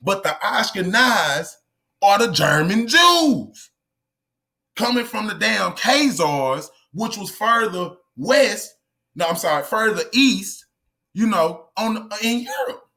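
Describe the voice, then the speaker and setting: A man with a high, bright voice gives a profane lecture to camera. He hammers his points home confrontationally and repeats lines for emphasis. His tone is forceful and sharp as he talks straight at the viewer. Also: sing-song, takes it slowly. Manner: emphatic, repetitive, confrontational, addresses viewers directly. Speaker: online lecturer. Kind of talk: profane, heated monologue to camera.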